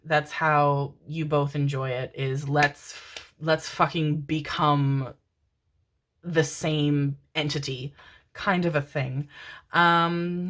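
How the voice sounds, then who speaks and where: A woman with a low voice gives a channeled tarot reading. She talks affectionately to her listeners and swears casually. Between messages she murmurs strings of repeated syllables. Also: fairly even intonation, slow pace, fairly bright tone. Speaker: tarot reader.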